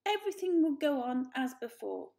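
A woman's voice: sits high, very animated, moderate pace, vocal fry, mellow, pitched above the performer's own voice, heavily acted. A woman voicing a smug, complacent aunt cat who speaks confidently. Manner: confident and dismissive.

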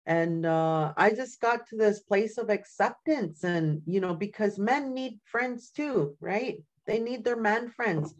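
A woman's voice: medium pitch, takes it slowly, hardly any pauses. An older woman from Canada, an elder giving an informal teaching talk in a storytelling way, often checking in with "right?" and "you know". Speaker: community elder.

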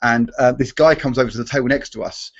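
A man's voice: medium pitch, fairly even intonation, fast talker, highs cut off. A man, a magician guest in a live Q&A, talking animatedly and restarting his sentences often. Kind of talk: live Q&A chat.

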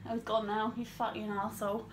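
A woman's voice: mid-range voice, level tone, fast talker, a little hiss or hum. A young woman, commentating on a horror game, jumpy and swearing, with nervous laughs. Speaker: gamer. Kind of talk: casual gaming commentary.

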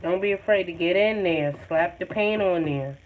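A woman's voice: on the low side, moderate pace. A woman talks through a painting lesson in a loose, chatty way and keeps urging the viewer on. Her voice comes through thin and phone-like, with a faint hiss underneath. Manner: chatty, encouraging, loose and informal. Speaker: art tutor. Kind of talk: live painting tutorial. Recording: tinny phone-like sound, faint noise.

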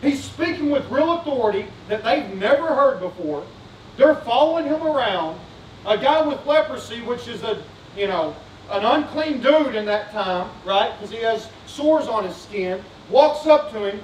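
A man's voice: very high-pitched, expressive, moderate pace, slight background noise. A male pastor preaching a sermon, fervent and repetitive, putting questions to his congregation. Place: church sanctuary. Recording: roomy sanctuary sound, distant mic.

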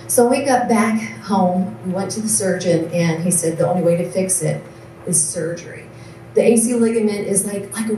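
A woman nurse sharing personal testimony stories at an event, earnest and lively as she acts out what others said. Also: medium pitch, a little hiss or hum. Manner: earnest storyteller, acts out quoted voices. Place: large event hall. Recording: echoey room from far off.

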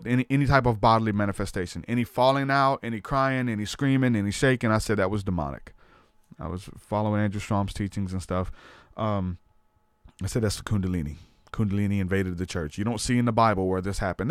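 A man's voice: fairly low pitch, clean tone, dry recording, clean studio sound. A man hosting a podcast, telling a personal faith testimony in casual talk, earnest and storytelling, often saying "man". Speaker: podcast host.

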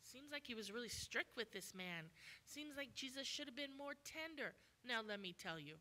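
A woman's voice: high-pitched, sharp tone. A woman guest preacher delivering a sermon with emphatic, repetitive exhortation.

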